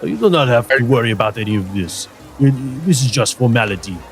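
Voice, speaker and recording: A man's voice: medium pitch, animated, measured pace, soft background music, lightly acted. A man voicing a slick, overly polite male merchant in a heavy put-on foreign accent. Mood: soothing. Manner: smooth, overly polite, evasive.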